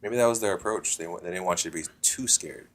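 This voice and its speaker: A man co-hosting a podcast in casual chat, tossing in quick jokes. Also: sits low, fairly bright tone. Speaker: podcast co-host.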